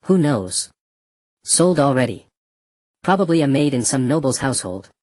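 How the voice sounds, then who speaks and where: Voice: mid-range voice, big pitch swings, moderate pace, a little mellow, no echo, clean studio sound. A narrator voicing a cruel, mocking male slave trader in a black robe, speaking casually and scornfully. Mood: cold mockery. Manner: casual, scornful, matter-of-fact.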